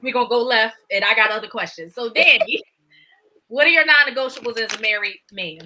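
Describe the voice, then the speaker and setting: Bright-voiced woman hosting a podcast. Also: a little high, fairly quick, rough recording. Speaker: podcast host. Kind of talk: casual podcast chat. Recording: faint background noise.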